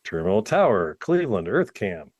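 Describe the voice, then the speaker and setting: Man, podcast co-host, low voice, animated swings, stammering and self-deprecating. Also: normal speed, breathy edge, no room sound. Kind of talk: casual chat. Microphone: home podcast mic, remote.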